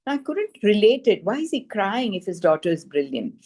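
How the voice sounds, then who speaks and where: A woman telling a personal healing testimonial in an earnest, animated way, with many "you know" fillers. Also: mid-range voice, a little fast. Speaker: frequency healing practitioner.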